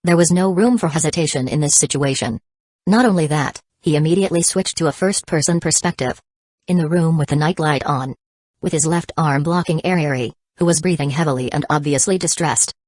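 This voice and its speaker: A woman narrating an audiobook in an even, measured reading. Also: deep voice, no room sound. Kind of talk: scripted narration.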